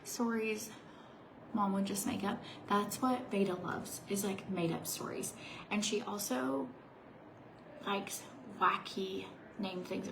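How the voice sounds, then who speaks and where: Chatty woman with a gravelly edge. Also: medium pitch, noisy background. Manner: chatty, sometimes drops to a whisper. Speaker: beauty vlogger. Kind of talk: casual get-ready-with-me chat.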